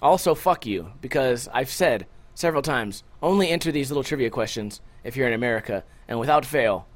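A man's voice: mid-range voice, expressive, a little fast. Profane rambling young man podcasting. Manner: loose, profane, rambling and joking. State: tired from little sleep. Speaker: podcast host. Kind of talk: casual solo podcast chat.

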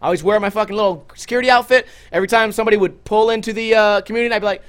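A young man hosting a livestream, telling stories to his chat in a casual, profane, animated way and jumping into loud quoted outbursts. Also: sits high, racing, few pauses. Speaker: livestream host.

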